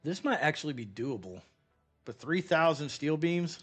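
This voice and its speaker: A man's voice: on the high side, very animated, normal speed, slightly rough, faint music behind. Rambling, foul-mouthed man at play. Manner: rambling, profane, talks to himself while playing. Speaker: gaming streamer. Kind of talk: casual gameplay commentary.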